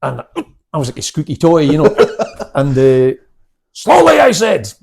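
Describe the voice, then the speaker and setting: A man's voice: mid-range voice, steady tone, normal speed, creaky, mellow. A man in his seventies, a karate instructor, telling stories in a casual interview, chatty and laughing, with many restarts. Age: 70s.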